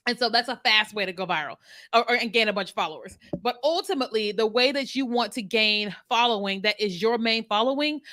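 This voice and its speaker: A woman marketing strategist with a slightly high, a bit bright voice talks casually and animatedly straight to the camera for her viewers. She laughs and drops in asides as she goes.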